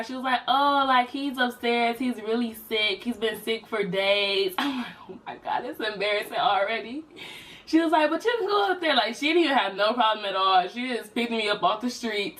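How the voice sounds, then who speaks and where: A young woman, telling a personal story in a casual vlog and jumping up high for quoted voices. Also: a bit bright, distant mic, rough recording. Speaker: vlogger.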